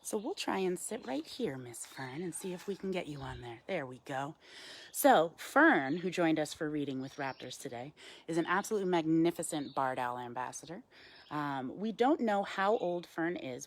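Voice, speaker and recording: Low-voiced woman giving a chatty outdoor talk. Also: a little hiss or hum. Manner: chatty, warm toward the owl, frequent ums, answers viewer questions. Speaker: wildlife center educator. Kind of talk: live educational talk to viewers. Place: outdoors in wind.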